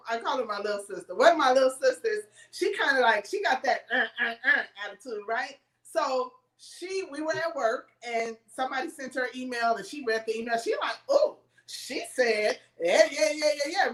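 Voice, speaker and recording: A woman's voice: high voice, brisk, few pauses, fairly bright tone, reverberant, far from the mic, rough recording. A woman talking in a casual chat, emphatic and full of stories, laughing as she goes.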